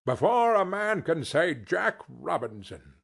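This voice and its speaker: A portly, jovial old merchant hollers merrily in a high, loud voice, as a male narrator puts him on. The calls are hearty, stretched out and slightly husky. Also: very animated, unhurried, exaggerated voice. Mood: jolly.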